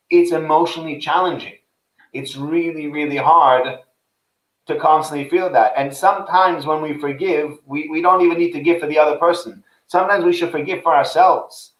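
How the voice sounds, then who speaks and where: A man's voice: a little high, fairly bright tone, roomy sound, rough recording. A man hosting a casual chat about faith, telling anecdotes and acting out the people in them. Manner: chatty storyteller, acts out quoted voices.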